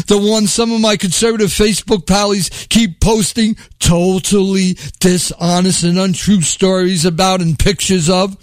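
A man's voice: sits high, fairly even intonation, moderate pace, hardly any pauses, dry recording, clean studio sound. A man delivering a sarcastic, mocking political monologue, rambling at times. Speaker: commentator.

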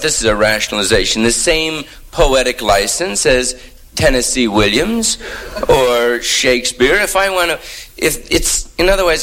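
A man doing a stand-up monologue, talking in hip slang and riffing with sudden jumps in pitch. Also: bright, forceful tone, poor audio. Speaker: stand-up comedian.

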